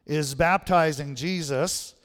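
A male pastor gives a conversational sermon in a church sanctuary, frequently checking in with the congregation with a "right?". His voice is on the high side, slow and a bit bright, heard in a large hall.

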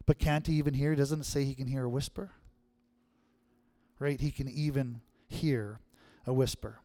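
A man's voice: medium pitch, steady tone, normal speed, mellow, dry recording. A male pastor giving a sermon in a conversational way, often checking in with the audience. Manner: conversational, keeps asking the audience "right?".

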